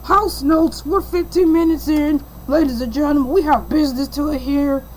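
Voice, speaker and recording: A woman's voice: sits high, normal speed, a little hiss or hum, close to an everyday voice, low-quality recording. A woman voicing a boastful talking shark who fills in as livestream host, chatting in a rambling way. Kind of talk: rambling livestream in-character patter.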